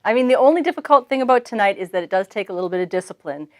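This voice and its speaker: A woman co-hosting a marriage devotional, talking earnestly in a casual teaching chat, with halting restarts. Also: mid-range voice, animated, a little mellow.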